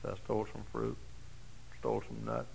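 An older man preaching a folksy sermon. He tells stories dramatically, moving from hushed asides to high, shouted exclamations. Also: monotone, brisk, vocal fry, a little hiss or hum, poor audio. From Dallas, Texas. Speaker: pastor. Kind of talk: sermon with personal storytelling. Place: church.

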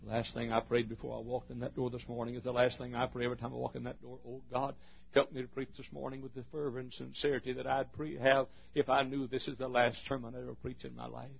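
Male pastor, middle-aged, husky voice, intense sermon delivery, loud-to-soft swings, muffled lo-fi sound. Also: mid-range voice, level tone, fast talker. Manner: intense, swinging from shouts to hushed tones.

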